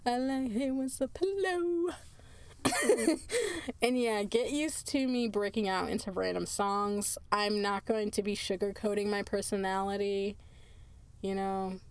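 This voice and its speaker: Slow-talking tired woman podcast host. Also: medium pitch, flat delivery, smooth, no room sound. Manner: chatty, laughs often, drifts into asides. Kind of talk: casual solo podcast chat.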